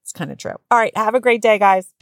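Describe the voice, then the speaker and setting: A woman in her thirties hosting her own podcast, telling a story from her family life in a candid, animated way, swearing freely and acting out what people said. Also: medium pitch, fast, faint music behind. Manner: candid, swears, animated retelling with quoted voices. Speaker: podcast host. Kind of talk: casual storytelling monologue.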